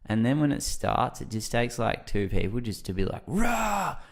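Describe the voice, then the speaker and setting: Low gravelly guy on a podcast, rambly storytelling, acts out his own reactions. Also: normal speed, darkish tone. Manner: loose and rambling with many fillers. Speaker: podcast guest. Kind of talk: casual conversational storytelling.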